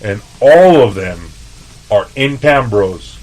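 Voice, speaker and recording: A man from El Paso, a chef, telling stories in a loose, profane, animated way on a podcast. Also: mid-range voice, slow pace, low-quality recording. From El Paso, Texas. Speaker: chef, interview guest. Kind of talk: casual storytelling.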